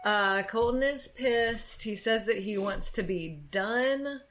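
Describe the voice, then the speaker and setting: A female podcast co-host keeps up a chatty, casual stream of talk. As she recaps events, she slips into quick quoted voices along the way. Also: fairly high pitch, fairly bright tone. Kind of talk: casual chat.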